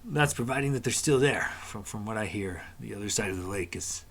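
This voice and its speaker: A man narrating a tabletop game as game master in a relaxed, rambling way with many fillers. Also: on the low side, brisk.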